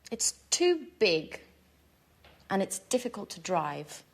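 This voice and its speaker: A woman's voice: medium pitch, big pitch swings, slow pace, creaky, full character voice. An actress playing a young woman who earnestly asks a friend for advice in a scripted course-book dialogue. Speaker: dialogue character in a language course.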